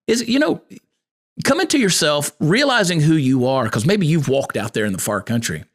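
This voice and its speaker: A man's voice: on the high side, very animated, moderate pace. Folksy preacherly man with a drawl. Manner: folksy, preacherly, quotes scripture. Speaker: podcast host. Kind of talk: motivational podcast monologue.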